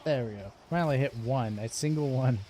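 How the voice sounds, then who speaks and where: Mellow-voiced man chatting through gameplay. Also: mid-range voice, a little fast, a little hiss or hum. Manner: chatty, jokey, laughing often. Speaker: streamer. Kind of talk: casual gameplay commentary.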